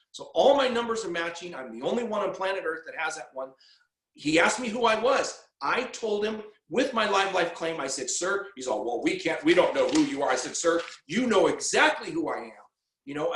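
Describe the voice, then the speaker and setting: A man with a fairly high voice tells a long personal story in loose, casual talk. He stumbles and repeats words and acts out the back-and-forth he recounts. The room around him rings with echo. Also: a bit bright. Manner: rambling, repeats words, acts out quoted exchanges. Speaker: guest telling his story.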